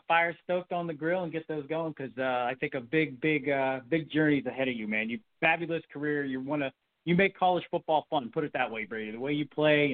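Male sports podcast host: quick, upbeat, rambling; phone-line audio. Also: medium pitch. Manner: upbeat, rambling with repeated words.

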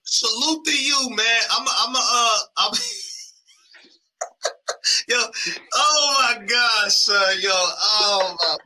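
Hyped man, bright and animated. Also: very high-pitched, extremely slow, pauses often, slight background noise. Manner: hyped, laughing, shouting. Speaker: host of a live-stream channel. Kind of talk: casual live-stream hosting.

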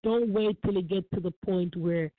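A woman's voice: on the low side, moderate pace. A woman speaks earnestly on a call-in show, repeating her phrases for emphasis. Her voice comes through a thin, phone-like line. The sound is dry, with no room echo. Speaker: guest on a call-in talk show. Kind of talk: emotional personal testimony.

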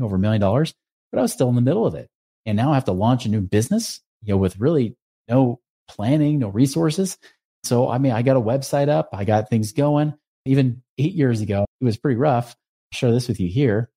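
A man hosting a podcast, earnestly telling a personal story and acting out the dialogue. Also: on the low side. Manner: earnest, animated retelling with acted-out dialogue. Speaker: podcast host.

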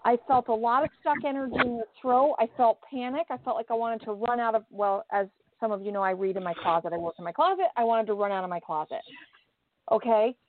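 A woman working as a psychic medium on a call-in radio show, relaying messages in a halting way with many repeated words, speaking from a small closet. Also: on the high side, a little hiss or hum. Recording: thin phone line, dry.

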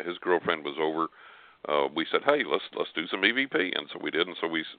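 Older man, low voice on a phone line. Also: dry recording. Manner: earnest, rambling, with frequent restarts and fillers. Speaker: radio guest psychic. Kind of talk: casual storytelling on a call-in show.

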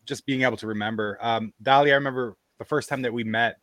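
A man hosting a podcast tells a story in easy, casual chat. He slips into quoted voices as he goes. His voice sits at a middle pitch and sounds dry and close. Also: steady tone, quick pace, a bit bright, dry recording. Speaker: podcast host.

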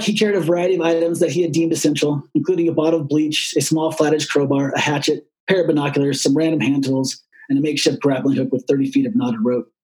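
A man narrating an audiobook in a steady, measured storytelling voice. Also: a little high, rough recording.

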